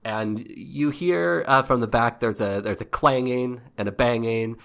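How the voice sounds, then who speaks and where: A man narrating a comic tabletop game as game master, halting and often breaking into laughter. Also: medium pitch, vocal fry, a bit bright.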